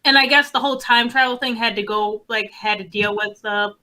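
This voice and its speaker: Casting: young female co-host, bright and slightly high voice, blunt and fed up. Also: steady tone, a little fast, rough recording. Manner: blunt, exasperated, swears freely. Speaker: podcast co-host. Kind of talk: casual chat.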